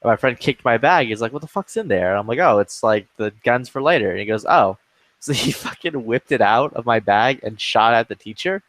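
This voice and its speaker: A man's voice: mid-range voice, fairly quick, a bit bright, dry recording. A young man telling a school story in casual chat, laughing and swearing as he goes.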